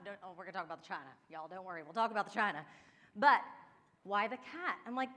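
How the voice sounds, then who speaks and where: Bright-voiced woman in a reverberant hall. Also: a little high, lively intonation, fast. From Ohio, USA. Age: 40s. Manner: chatty, laughing, talks straight to the audience. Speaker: downsizing and home organizing expert. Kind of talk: workshop talk with personal stories.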